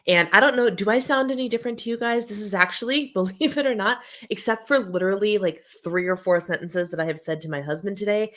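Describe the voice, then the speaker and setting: A woman in her thirties hosts a casual live chat from home, her throat a little scratchy. She chats along easily at a middling pitch, reading out viewer comments and answering them. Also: fast, few pauses, a bit bright. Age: 30s. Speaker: host.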